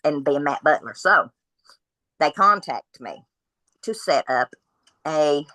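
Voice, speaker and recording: A woman tells her story as a podcast guest, speaking bluntly and acting out each person's lines. Her voice sits low and lands with a forceful edge. The sound is dry and close. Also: slow, dry recording, poor audio. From Kentucky. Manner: blunt, animated retelling of dialogue.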